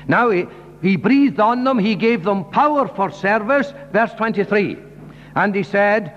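A man's voice: sits high, animated, moderate pace, a bit bright. A man preaching a sermon, earnest and emphatic, often asking the listeners questions directly. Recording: dull recording in a large hall with faint hum.

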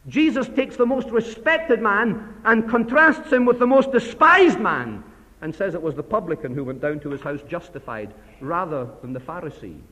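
A man preaching a sermon to a church assembly, passionate, swinging between loud emphasis and hushed asides. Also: high-pitched, lively intonation, moderate pace. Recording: long hall reverb.

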